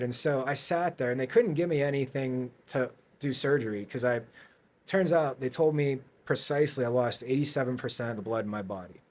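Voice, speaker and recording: A man guest on a podcast, telling his story in a casual, rambling way with many fillers and restarts. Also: mid-range voice. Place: podcast studio.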